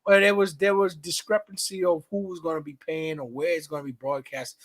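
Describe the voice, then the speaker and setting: A man with a Brooklyn accent co-hosting a podcast in casual chat, profane, with loud outbursts and drawn-out emphasis. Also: a little high, steady tone. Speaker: podcast co-host.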